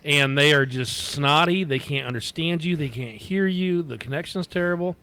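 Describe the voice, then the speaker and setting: A man's voice: a little high, normal speed, pushed and bright, smooth. A man co-hosting a casual podcast from home, ranting bluntly and swearing freely. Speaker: podcast co-host, trucker. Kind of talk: casual chat.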